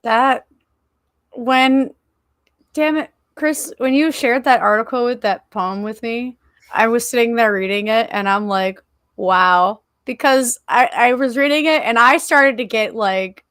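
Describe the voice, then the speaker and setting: A woman's voice: fairly high pitch, a little slow, fairly bright tone, smooth, dry recording, clean studio sound. A woman co-hosting a podcast in casual chat, emotional and swearing freely, with many "like"s and restarts. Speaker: podcast co-host.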